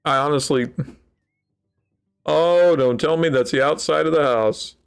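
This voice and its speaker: A man's voice: a little high, a little slow, creaky, clear, resonant tone. A man giving casual let's-play commentary in a rambling, wry way, with mock-dramatic sulking. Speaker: gaming channel host.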